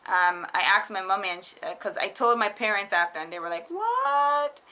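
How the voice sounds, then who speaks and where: A young woman casually telling a storytime vlog, animated and laughing often, quoting people in put-on voices. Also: lowish voice, fast talker. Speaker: vlogger. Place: foreigner living in Japan.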